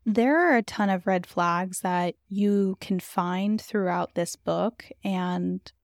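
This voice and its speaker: A woman's voice: medium pitch, takes it slowly, no echo, studio quality. A woman hosting a book discussion, talking in a thoughtful, earnest way. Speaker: book reviewer host. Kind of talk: reading aloud and discussing a book.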